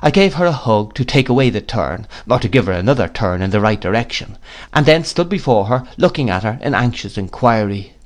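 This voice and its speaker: A man narrating an audiobook of a classic novel in a measured, expressive storytelling manner. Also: mid-range voice. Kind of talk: audiobook reading.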